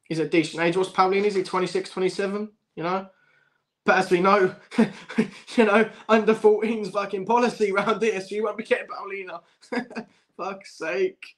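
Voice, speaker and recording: A man's voice: high voice, fairly even intonation, normal speed. A young man hosting a football fan livestream, swearing, laughing often and chatting to his viewers. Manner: swears a lot, laughs often, says bruv constantly. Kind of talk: casual livestream chat.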